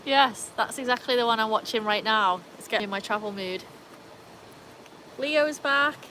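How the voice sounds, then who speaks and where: A woman's voice: a little high, normal speed, pushed and bright, a little hiss or hum, poor audio. A woman with an English accent tinged with Welsh, chatting casually on a livestream and answering viewer comments from her backyard. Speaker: livestream host.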